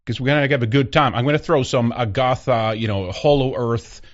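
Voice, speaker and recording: A man hosting a talk show, chatting loosely with many restarts and reading out supporter shout-outs. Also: mid-range voice, steady tone, fairly quick, dull audio. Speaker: podcast host. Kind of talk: casual chat and live-show shout-outs.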